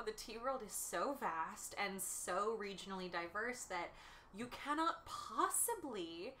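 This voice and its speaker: Bubbly bright-voiced woman hosting a livestream. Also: mid-range voice, a little hiss or hum. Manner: bubbly, chatty, laughs often, reads viewer comments aloud. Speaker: livestream host and tea shop owner. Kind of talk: casual livestream chat with viewers. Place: home farmhouse kitchen.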